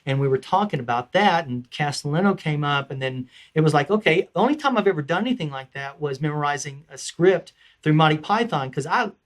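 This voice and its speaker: A man with a Southern accent, a voice actor chatting as a guest in an animated, rambling way. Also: a little high, a little fast, hardly any pauses. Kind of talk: casual interview chat.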